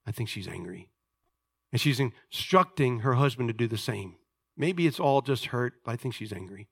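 A man preaching a sermon as a pastor, telling a story and swinging from hushed asides to loud, emphatic points. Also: mid-range voice, lively intonation, moderate pace, slightly rough.

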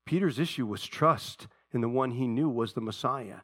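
A man preaching a sermon, telling a story from an old TV show in a conversational way and pausing to ask his congregation questions. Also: mid-range voice, fairly bright tone, no room sound, studio quality. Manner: conversational storytelling, retells a TV episode with asides to the congregation. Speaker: pastor.

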